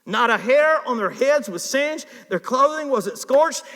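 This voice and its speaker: A man preaching a sermon in an animated way, swinging from hushed asides to shouts. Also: very high voice, unhurried, few pauses. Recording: reverberant hall.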